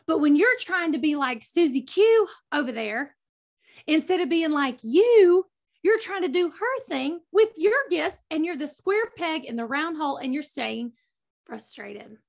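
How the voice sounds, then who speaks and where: A woman's voice: high-pitched, lively intonation, unhurried, gravelly. A woman giving a fervent, preacher-like motivational speech over a video call, addressing her listeners directly. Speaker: motivational speaker.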